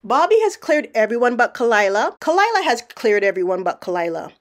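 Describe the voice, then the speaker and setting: A woman with a slightly high voice talks through clips as a mock detective. She sounds sarcastic and probing, and she builds her case point by point. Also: very animated, fairly quick. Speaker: commentary narrator.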